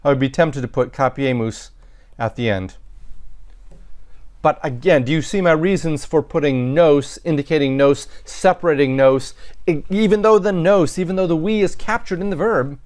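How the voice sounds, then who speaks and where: A man's voice: a little high, moderate pace, darkish tone. A man teaching a recorded Latin lesson, thinking aloud as he works through sentences, with frequent restarts and self-corrections. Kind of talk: recorded lecture.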